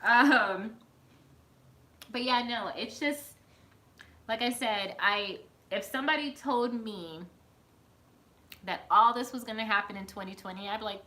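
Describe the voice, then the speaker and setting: Bright, chatty woman on a home live stream. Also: a little high, a little slow, pauses often. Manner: chatty, laughs often, talks to chat by name. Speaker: live stream host reading viewer comments. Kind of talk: casual live stream chat.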